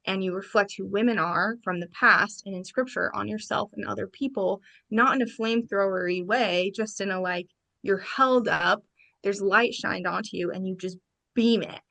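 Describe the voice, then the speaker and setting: A woman guest on a podcast, telling her own story with animated energy. She jumps into quoted lines from friends in quick, lively bursts, at a pitch of middling height for a woman. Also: gravelly. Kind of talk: personal storytelling in a podcast interview.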